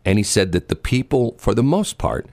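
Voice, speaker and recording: A man's voice: fairly low pitch, big pitch swings, moderate pace, creaky, darkish tone, dry recording. A middle-aged man co-hosting a talk show, rambling and joking, often repeating himself as he tells stories. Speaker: radio co-host. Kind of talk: casual banter on air.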